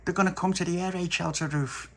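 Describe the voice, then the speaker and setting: A man's voice: sits high, fairly even intonation, quick pace, fairly bright tone, pitched above the performer's own voice. A man voicing a bossy, persuasive young girl in a silly family story. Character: little girl's cousin, bossy scheming girl.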